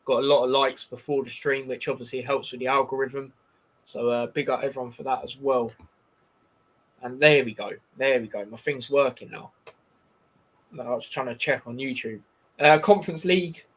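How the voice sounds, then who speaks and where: With a slightly rough, mid-range voice and fairly even intonation, a man hosts a live football watchalong at a moderate pace. The stream is casual: lots of fillers and rambling banter, with him calling the match in real time.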